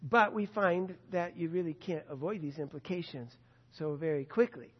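A high-pitched man preaching Bible teaching with emphatic stresses that swell to loud peaks. His voice carries a long reverb, as if in a large hall. The recording sounds dull and muffled. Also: normal speed, husky. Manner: emphatic, rising to loud stresses on key phrases. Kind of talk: sermon-style Bible teaching.

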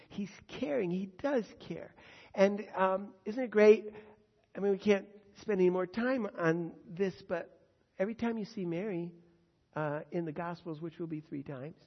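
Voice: mid-range voice, expressive, moderate pace, creaky, husky, big-room sound, lo-fi sound. A pastor teaching verse by verse through a Bible passage in a conversational, earnest way, with frequent fillers.

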